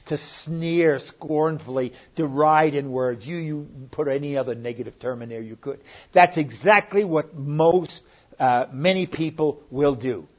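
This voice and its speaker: An older man delivers a sermon in a plain, earnest way, his voice sitting a bit high for a man. He now and then swells louder to press a point. The recording is muffled and lo-fi. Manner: earnest, plainspoken preaching with sudden rises in loudness. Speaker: pastor. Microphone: online sermon recording.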